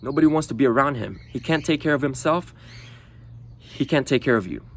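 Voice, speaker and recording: A man's voice: medium pitch, brisk, a bit bright, slight background noise. A man talking bluntly to the camera in a casual monologue, swearing often and tagging lines with "you know". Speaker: vlogger.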